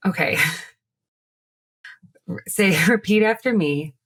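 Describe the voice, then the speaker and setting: A woman co-hosts a podcast in loose, casual chat, wandering off into jokes. Her voice is low and husky. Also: animated, normal speed, fairly bright tone. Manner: rambling, joking, laughs often. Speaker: podcast co-host.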